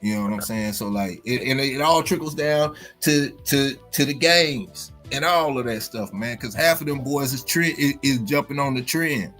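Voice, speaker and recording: A man's voice: mid-range voice, normal speed, hardly any pauses, fairly bright tone, soft background music. A man hosting a casual livestream chat, rambling with many restarts and filler phrases. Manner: rambling, many restarts and "you know what I'm saying". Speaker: livestream host.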